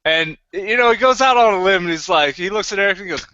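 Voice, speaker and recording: A man's voice: sits high, fast, sharp tone, clean tone, no echo. A man co-hosting a podcast, telling rowdy stories with laughs and swearing, voicing the people he quotes. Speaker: podcast co-host. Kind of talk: casual drunk storytelling chat. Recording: muffled lo-fi podcast mic.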